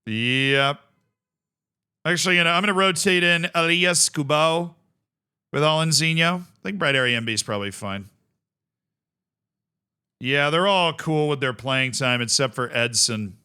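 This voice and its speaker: A man streaming a game live, talking casually into his desk mic. His voice sits a little high, with a smooth, crisp tone. He reads chat aloud and now and then bursts into excited shouts. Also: moderate pace, pauses often. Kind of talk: casual live-stream commentary while playing.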